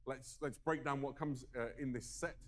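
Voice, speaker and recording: A man's voice: medium pitch, steady tone, moderate pace, slight background noise. Hesitant male reveal presenter. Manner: hesitant, many fillers, enthusiastic. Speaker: presenter on a product reveal broadcast. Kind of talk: live presentation.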